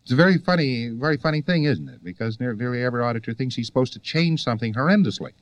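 A man's voice: medium pitch, expressive, very fast. A man giving a conversational lecture to students, full of rhetorical questions and wry asides.

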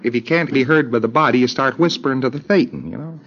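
A man giving a recorded lecture in a deliberate way, acting out bits of dialogue in quoted voices. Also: mid-range voice, background noise. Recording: dull lo-fi old tape.

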